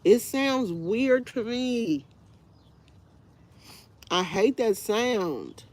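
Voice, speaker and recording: A woman's voice: on the high side, lively intonation, extremely slow. A woman hosting a casual livestream, congested with a stuffy nose, rambling in a tired, fed-up way. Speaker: livestream host. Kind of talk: casual live chat with viewers.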